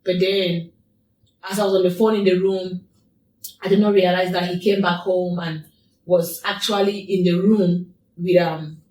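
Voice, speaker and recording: A woman's voice: fairly low pitch, a little mellow, slight background noise. A woman guest in an interview, telling a personal story in a repetitive, emphatic way. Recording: echoey room, distant mic.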